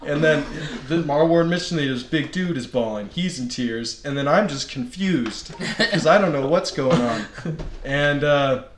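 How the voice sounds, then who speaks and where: A man in a casual podcast chat, telling a story in a slangy, animated way and laughing as he goes. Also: fairly high pitch, a little slow, a little hiss or hum. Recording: echoey room.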